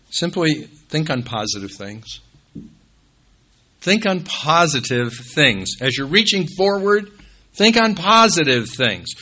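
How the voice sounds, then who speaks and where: A man preaching a sermon as pastor. He rises to emphatic peaks, then drops low and quiet when he calls out scripture references.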